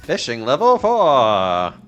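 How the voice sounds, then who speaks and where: A man's voice: mid-range voice, wildly swooping pitch, takes it slowly, highs cut off, faint music behind. A man streaming a game and chatting casually with friends, rambling and laughing often. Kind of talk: casual chat while gaming.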